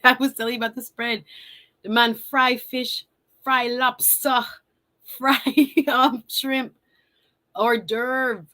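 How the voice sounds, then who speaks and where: Lady hosting a live stream, telling a story, laughing a lot and acting out her own lines. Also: a little high. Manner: animated, laughs often, acts out her own quotes. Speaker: host.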